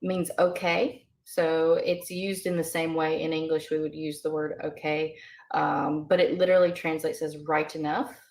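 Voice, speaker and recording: Low-voiced woman teaching, full of ums. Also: level tone, moderate pace, gravelly, darkish tone. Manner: hesitant, many ums and uhs. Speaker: language teacher. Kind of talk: casual lesson explanation.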